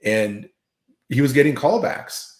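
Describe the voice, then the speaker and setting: A man chatting casually and giving relaxed advice as host. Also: mid-range voice, measured pace. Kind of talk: casual chat. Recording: roomy echo.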